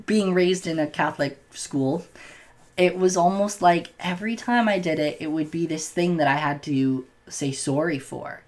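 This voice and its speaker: A young man speaks directly to the camera in a casual vlog, telling a personal story in a somewhat high voice at a normal pace. He comes across as open yet a bit self-conscious, frequently stumbling and restarting his words.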